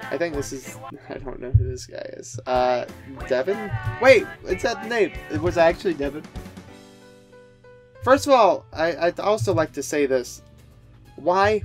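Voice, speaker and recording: A man with a somewhat high voice giving sarcastic commentary on a video. He rambles, restarts his sentences and throws in snarky asides. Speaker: commentary youtuber.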